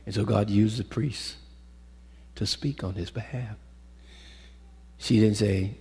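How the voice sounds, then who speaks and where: Male preacher, low husky voice, loud then hushed, long echoey hall reverb. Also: moderate pace, long pauses. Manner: swings from loud calls to hushed storytelling, calls out to the congregation. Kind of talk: sermon.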